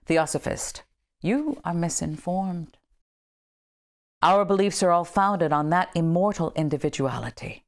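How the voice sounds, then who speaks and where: A woman's voice: lowish voice, animated, unhurried. A woman leading a book study, reading a text aloud with emphatic, dramatic delivery and casual asides in between. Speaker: study group leader.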